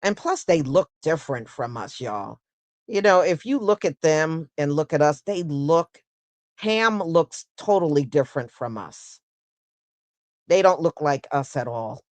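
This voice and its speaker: A woman hosting a casual solo livestream, talking in an unhurried, conversational way and answering viewers with "mm-hmm" and "yeah". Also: sits low, expressive, dry recording. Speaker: host.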